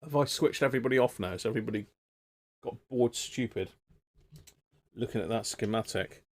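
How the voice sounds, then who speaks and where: A man's voice: mid-range voice, a little fast. A man hosting a live repair stream, thinking aloud in a rambling, casual way and chatting with viewers. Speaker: radio repair livestream host.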